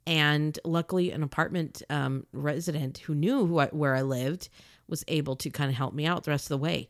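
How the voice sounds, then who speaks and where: A woman retelling a personal story in a casual, animated and indignant way, acting out the other people's lines. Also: deep voice, a little fast, no echo, studio quality. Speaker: podcaster telling a personal story.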